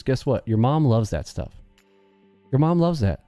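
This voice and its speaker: Joking live-stream host, male, mellow dark voice, faint music behind. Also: mid-range voice, no echo. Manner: joking, animated, acts out quick bits of dialogue. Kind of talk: casual live-stream chat.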